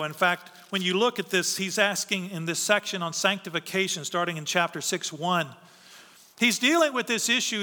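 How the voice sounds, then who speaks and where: A man delivers a sermon in an earnest, emphatic way, putting questions to his listeners and then answering them. His voice sits high and has a bright, ringing edge. The sound carries a long reverb, as if he is in a church sanctuary. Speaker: pastor.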